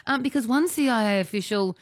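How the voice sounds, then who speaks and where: A woman hosting a casual news chat show, a lively storyteller who laughs often. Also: a little high, quick pace, no echo, studio quality. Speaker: radio show host.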